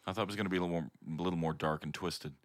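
Laid-back low-voiced podcast host. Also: male voice, steady tone, rapid-fire, no room sound, studio quality. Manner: laid-back, drawling, teasing. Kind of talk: casual chat.

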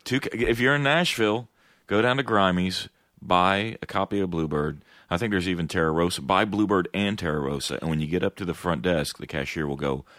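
A man's voice: sits low, brisk, fairly bright tone, no room sound, clean studio sound. An American man in casual chat as a podcast co-host, wry and joking, swearing freely. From United States.

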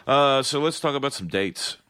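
A man's voice: medium pitch, expressive, normal speed, sharp tone, smooth, dry recording. An American man in casual chat as a podcast co-host, wry and joking, swearing freely. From United States.

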